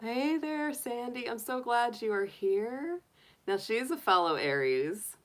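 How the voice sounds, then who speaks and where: A woman's voice: on the high side, lively intonation, slow pace. A middle-aged woman hosting a tarot live stream, chatting casually, giggling often and greeting viewers by name.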